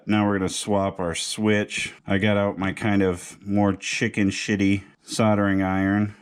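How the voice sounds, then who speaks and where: A man's voice: fairly low pitch, a little slow, hardly any pauses, clear, resonant tone. A man narrating a guitar repair how-to in a casual, joking, slangy way. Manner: laid-back, joking, slangy. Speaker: guitar repair video host.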